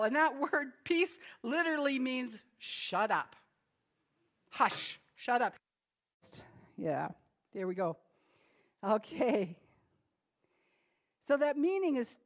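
A woman preaching to a congregation with a slightly high voice. She talks to them like friends, with laughing asides and dramatic pauses. Her loudness swings from soft, drawn-out lines to sudden shouted commands. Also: big pitch swings. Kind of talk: sermon.

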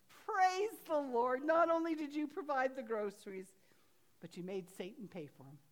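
A woman voicing a faithful little old lady who shouts her praise with drawn-out words. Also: lowish voice, slight background noise, lightly acted. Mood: joyful.

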